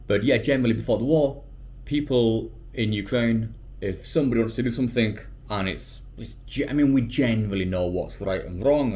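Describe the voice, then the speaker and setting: A British man, an English teacher, talking casually to camera in an animated way and slipping into quoted voices. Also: lowish voice. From United Kingdom.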